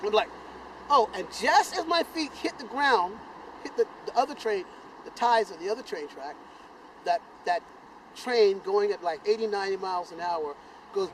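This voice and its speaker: A man's voice: normal speed, a little hiss or hum, poor audio. An older man from South Carolina, telling a personal story to camera with sound effects and acted-out voices. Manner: animated, sound effects like boom and bam, acts out voices.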